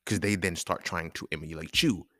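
A man's voice: deep voice, moderate pace, a bit bright, no room sound, clean studio sound. A man hosting a podcast, talking in a casual, emphatic and profane monologue, chuckling between points. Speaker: podcast host.

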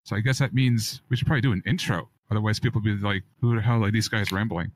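A man's voice: fairly low pitch, steady tone, quick pace, slight background noise. A man hosting a casual gaming podcast, teasing his co-hosts and giving hyped-up introductions. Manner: playful, teasing, hype-style introductions. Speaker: podcast host.

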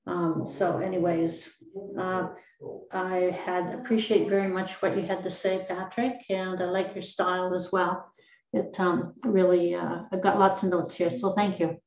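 A woman's voice: on the low side, flat delivery, a little slow, darkish tone, muffled recording. Distant echoey woman on a call. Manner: rambling, frank, many fillers. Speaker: meeting participant. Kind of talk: casual comment on a video call. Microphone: video call.

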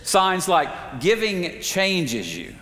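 A man preaching a sermon, telling a story in a measured way with slow, emphatic pauses. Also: high voice, wildly swooping pitch, bright, forceful tone. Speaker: pastor. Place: church sanctuary. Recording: reverberant sanctuary.

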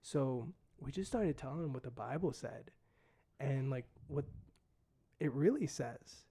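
A man's voice: mid-range voice, lively intonation, unhurried, dark tone, husky. A young man, a missionary guest, casually telling a story and saying "dude" and "like" a lot. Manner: laid-back, fillers like "dude" and "like".

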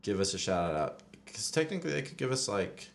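Young male co-host, low voice, playful and curious. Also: sing-song, brisk, creaky. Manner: joking, asks lots of questions. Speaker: podcast co-host. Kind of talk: casual sports podcast chat.

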